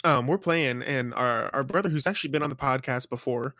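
A man's voice: medium pitch, fairly quick, bright, forceful tone, no room sound, studio quality. Easygoing young man telling a story. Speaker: podcast co-host. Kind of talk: casual gaming podcast chat.

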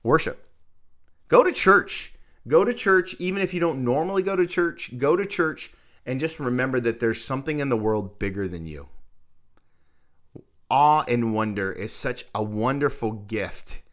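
A pastor speaking from the pulpit in a mid-pitched male voice. He preaches practical advice with real conviction, repeating key phrases for emphasis and swinging between loud, high bursts and quieter, lower asides. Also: expressive, moderate pace.

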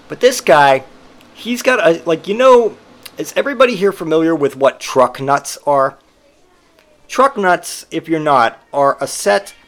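A man rambles through casual anecdotes about his son, crude and jokey. His voice sits a little high for a man. The talk is loose and full of fillers. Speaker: father telling anecdotes. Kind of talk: casual storytelling monologue.

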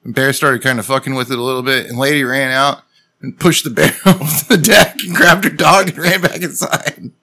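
A man's voice: medium pitch, steady tone, normal speed, sharp tone. A man in casual banter, telling stories and dropping dry, crude jokes.

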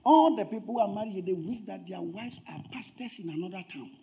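High-voiced pastor preaching emphatically. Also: male voice, fast talker, mellow, breathy edge. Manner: emphatic, repeats phrases for stress; humorous asides to the congregation. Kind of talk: sermon.

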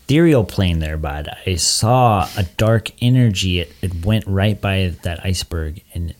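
A man's voice: deep voice, unhurried. A man playing a tabletop role-playing game, talking in a folksy, drawling way. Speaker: player. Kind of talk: casual tabletop game play.

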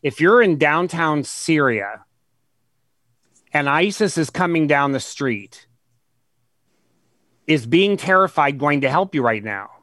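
A man, a guest author, explaining his ideas in an interview, earnest and emphatic, slowing down to stress key words and retelling conversations as examples. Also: a little high, lively intonation, a bit bright, dry recording.

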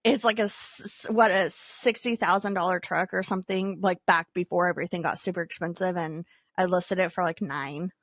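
A young adult woman co-hosting a podcast, telling stories in an animated, filler-heavy casual way. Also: on the low side, fairly quick, no room sound, clean studio sound. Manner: animated storyteller, many fillers. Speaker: podcast co-host. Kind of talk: casual chat.

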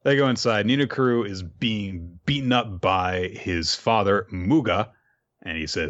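Low-voiced man casually recapping an episode. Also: a little slow, a bit bright, dull audio. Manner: chatty, laughs while retelling scenes. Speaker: podcast host recapping an anime episode.

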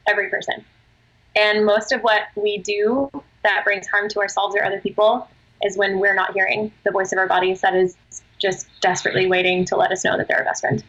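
Bright-voiced earnest woman guest. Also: mid-range voice, brisk, highs cut off. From Australia. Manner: earnest, expressive, swears casually. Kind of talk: casual interview chat.

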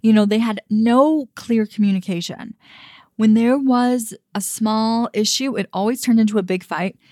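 A woman's voice: a little high, moderate pace, dark tone, no echo, studio quality. Frank, emphatic woman dating coach. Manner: frank and emphatic, with frequent fillers and mild swearing. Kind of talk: casual opinion commentary.

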